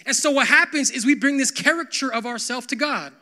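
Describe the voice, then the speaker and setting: Young male pastor, high bright voice, casual animated sermon delivery. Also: quick pace. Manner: conversational, animated, full of "like" fillers.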